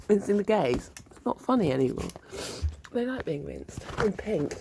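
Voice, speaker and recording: A woman vlogger in a rambling casual monologue, chuckling often and bickering with herself, with a gravelly voice. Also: mid-range voice, mellow, slight background noise.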